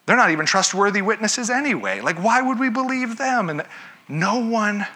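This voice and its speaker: Man, pastor, sermon, animated storytelling, bright voice. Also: high-pitched, normal speed. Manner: animated storytelling, acting out characters.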